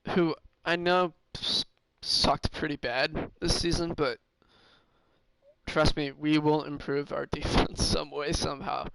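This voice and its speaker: A man's voice: fairly high pitch, steady tone, slow, gravelly, fairly bright tone, slight background noise, poor audio. A man streaming a hockey management game, thinking aloud in casual commentary with many fillers and restarts. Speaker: gaming streamer.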